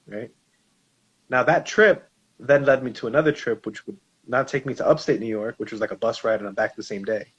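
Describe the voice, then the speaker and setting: A man with a husky voice tells a personal story in an easy, conversational way, jumping into quoted voices as he goes. His sound is a little dull and lo-fi, like a modest setup. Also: medium pitch, a little fast. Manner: animated storyteller, acts out quoted dialogue. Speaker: podcast co-host. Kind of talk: casual discussion with personal storytelling.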